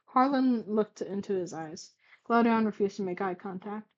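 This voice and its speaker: A woman's voice: medium pitch, fairly even intonation, moderate pace, darkish tone, muffled recording. A young woman casually reading her own old fanfic aloud, stuttering and stumbling with fillers and self-corrections, and commenting along the way.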